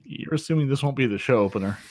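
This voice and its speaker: A man's voice: mid-range voice, fast, dry recording. A man co-hosting a gaming podcast, making dry, sarcastic remarks in casual chat. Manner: dry, sarcastic, lively delivery. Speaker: podcast co-host.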